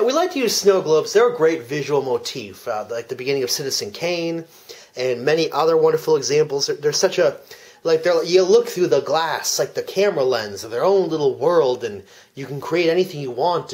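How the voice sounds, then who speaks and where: A man giving a deadpan parody commentary track, telling an absurd plot earnestly, with frequent restarts. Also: a little high, moderate pace. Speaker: comedic fake commentary speaker.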